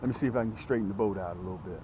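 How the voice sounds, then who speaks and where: A man hosting a fishing vlog from a boat outdoors, chatty and excited, talking straight to his viewers. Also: lowish voice, racing. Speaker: fishing channel host. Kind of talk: casual fishing vlog commentary. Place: on a small boat outdoors on a lake. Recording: dull lo-fi outdoor audio with faint noise.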